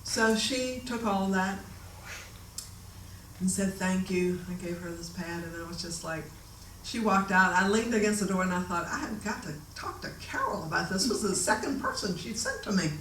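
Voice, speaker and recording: A woman telling a story from her own life in a casual, animated way, often laughing and acting out the voices of the people in it. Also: medium pitch, normal speed, slight background noise. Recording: echoey room, voice a bit distant.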